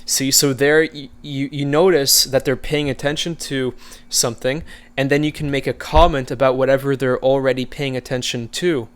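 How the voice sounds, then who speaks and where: A man coaching viewers in a casual, conversational way, relaxed and easygoing, with frequent fillers. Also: mid-range voice, normal speed. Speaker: social skills coach. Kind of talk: casual instructional talk.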